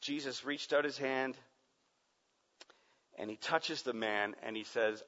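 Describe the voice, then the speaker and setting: A male pastor preaching a sermon dramatically, dropping to a hush and then rising to near shouts. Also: medium pitch, measured pace, pauses often. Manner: dramatic, swings from hushed to loud shouting. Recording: muffled sound with long hall reverb.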